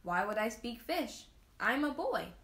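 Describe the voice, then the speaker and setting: A woman's voice: on the high side, sing-song, unhurried, a bit bright, roomy sound, exaggerated voice. A woman voicing a demanding, easily offended little boy in a storybook read-aloud, raised and huffy. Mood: indignant.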